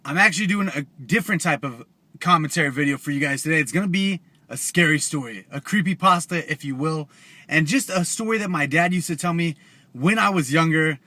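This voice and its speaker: Chatty young man, bright and dry. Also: a little high, fairly quick, no echo. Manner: loose, chatty with slang asides. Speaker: YouTuber. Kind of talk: casual storytelling.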